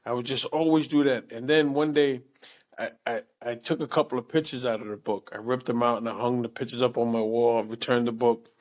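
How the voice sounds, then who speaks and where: Older male guest, animated, salty storyteller, mid-range voice. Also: mid-range voice, a little fast. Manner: animated, salty, repeats words and says "man" often. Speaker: interview guest. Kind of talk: casual storytelling.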